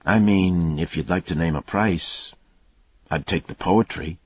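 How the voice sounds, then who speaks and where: A man reading a story, voicing a veteran police detective who talks calmly in clipped, needling lines. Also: low-pitched, measured pace, husky. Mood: matter-of-fact. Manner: taunting, calm, clipped threats. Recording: dull, muffled dry audio.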